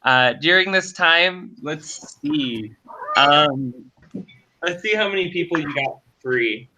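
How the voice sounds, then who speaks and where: A man's voice: a little high, expressive, takes it slowly, lo-fi sound, noisy background. A man narrating a tabletop game as dungeon master, hesitant with many fillers.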